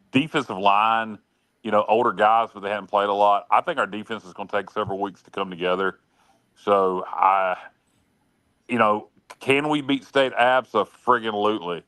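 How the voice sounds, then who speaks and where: A man with a clear, resonant low voice talks sports in a relaxed way. He hedges often and restarts sentences, but states his picks bluntly. The recording is dry and close. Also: moderate pace, no room sound. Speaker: podcast co-host and analyst. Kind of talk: casual sports talk.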